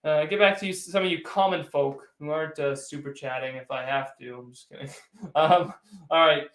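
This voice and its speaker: His voice is fairly high and fairly bright, with mostly even intonation and a normal speed. He's a sports livestream host doing a casual postgame session in an echoey space, rambling, teasing, and answering chat directly.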